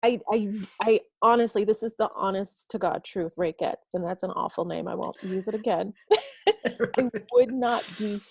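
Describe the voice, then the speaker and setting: A woman in her thirties, a podcast guest who works as a teacher, talking warmly and emotionally with a friend and laughing often. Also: mid-range voice, normal speed, vocal fry, husky, no room sound. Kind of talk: casual chat.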